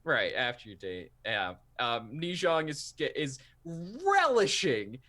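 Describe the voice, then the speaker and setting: A man's voice: mid-range voice, wildly swooping pitch, slow pace, sharp tone. A man running a tabletop role-playing game, narrating and joking with many restarts. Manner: laughing, rambling, full of restarts. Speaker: game master.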